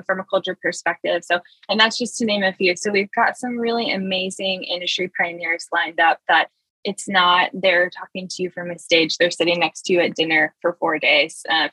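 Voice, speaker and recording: Eager woman guest, bright forceful tone, chatty with fillers. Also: fairly low pitch, breathy edge, no echo, poor audio. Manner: enthusiastic, many fillers and restarts. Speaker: marketing executive, guest. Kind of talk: conversational interview.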